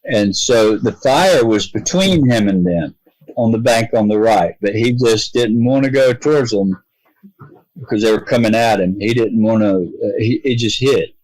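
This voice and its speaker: A middle-aged man from the United States, a podcast guest telling a long personal story in an earnest, halting way, voicing the people in it. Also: fairly low pitch, a little mellow, dry recording, poor audio.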